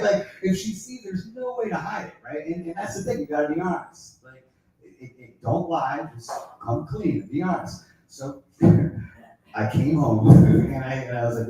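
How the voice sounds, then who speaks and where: A man in the middle of a stand-up routine, rambling through a crude story with endless fillers. His fairly high voice comes from some distance off the mic and rings through a very echoey room. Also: expressive, moderate pace, mellow. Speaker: stand-up comedian. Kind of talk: stand-up set.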